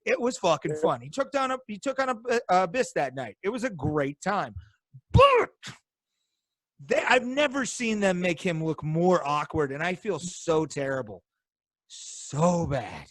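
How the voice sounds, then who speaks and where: A man's voice: high voice, big pitch swings, a little slow, fairly bright tone, no room sound. A man co-hosting a podcast, delivering an angry, profanity-heavy rant over a video call. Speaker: podcast co-host. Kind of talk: casual podcast chat.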